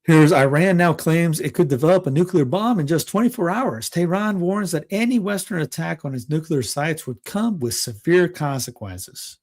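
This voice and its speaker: A man with a fairly high voice runs through news headlines in a loose, casual way. He stops often to add sarcastic remarks and little laughs. His talk is full of fillers and restarts. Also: normal speed, few pauses, a little mellow. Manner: reads headlines aloud, then adds sarcastic asides with chuckles; frequent restarts and filler words. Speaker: political commentary host. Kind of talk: casual news rundown commentary.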